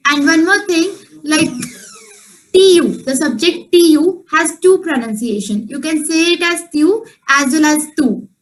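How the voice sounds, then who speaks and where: A woman teaches a beginner French lesson in a high voice. She is patient and repeats each point slowly so it sinks in. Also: poor audio. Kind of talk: online class instruction.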